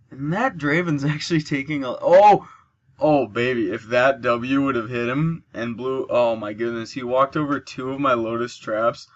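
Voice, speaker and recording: Yawning and drowsy, a male let's play commentator keeps up a chatty stream of talk, explaining how the mechanics work and cheering when he scores kills. His voice is mid-range and the recording sounds muffled.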